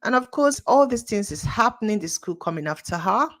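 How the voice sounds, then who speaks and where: A woman's voice: medium pitch, animated, brisk. A young adult woman with a Nigerian accent, commenting indignantly on social media news in a casual chat, laughing now and then. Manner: indignant, exclaiming, laughs often. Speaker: commentary channel host.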